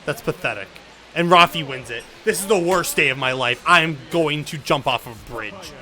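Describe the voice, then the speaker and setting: A young man commenting on his own baseball video game play, venting frustration, swearing and swinging between loud outbursts and low mutters. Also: animated, moderate pace. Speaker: gaming YouTuber.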